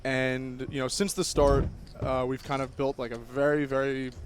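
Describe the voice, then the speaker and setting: A young man in his twenties, a guest on a poker stream, talking eagerly with many pauses and fillers. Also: medium pitch, level tone, a little hiss or hum. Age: 20s. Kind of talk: casual interview chat.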